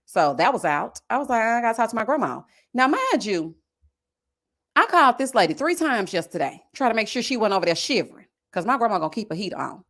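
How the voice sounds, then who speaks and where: This is a woman in her thirties with a Southern US accent, hosting a casual livestream. She chats straight to her viewers in a loose, slangy way. Her voice sits a little high and swings widely in pitch. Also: a little fast. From American South. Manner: chatty and animated, slangy, talks straight to viewers. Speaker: live-stream host. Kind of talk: casual live-stream chat reading comments.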